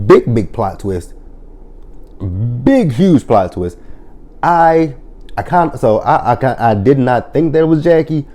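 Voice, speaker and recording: A man's voice: medium pitch, mellow. A man casually recapping and reviewing a TV drama episode, blunt and profane, animatedly retelling scenes and quoting lines. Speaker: TV show reviewer.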